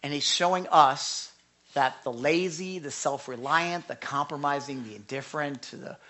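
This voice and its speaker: A middle-aged man preaching a sermon, with impassioned pleas that rise high and then drop to quiet urging. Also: moderate pace. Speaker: pastor. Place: church without a microphone.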